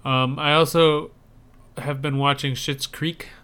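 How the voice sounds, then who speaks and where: A man's voice: fairly high pitch, flat delivery, takes it slowly, bright, forceful tone, smooth. A man co-hosting a podcast in casual chat, rambling with frequent restarts. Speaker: podcast co-host.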